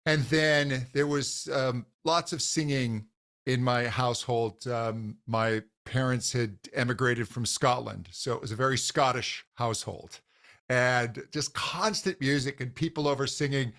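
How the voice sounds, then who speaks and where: Man, vocal coach, interview guest, enthusiastic, chatty restarts, mid pitch, video call. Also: steady tone, a little slow, fairly bright tone. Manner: enthusiastic, frequent fillers and restarts. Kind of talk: conversational interview.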